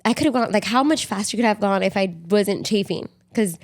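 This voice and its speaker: A young adult woman co-hosting a podcast, telling a story in casual chat with lots of fillers and lively asides. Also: medium pitch, fast. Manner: chatty, animated storytelling with many fillers. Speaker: podcast co-host.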